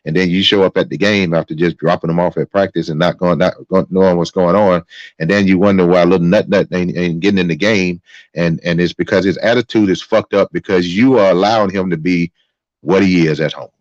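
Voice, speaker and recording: Very deep-voiced man, angry and profane. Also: fairly even intonation, a little fast, dry recording. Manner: angry, profane, repeats himself. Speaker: host. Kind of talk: live-stream commentary. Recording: dry, dull lo-fi sound.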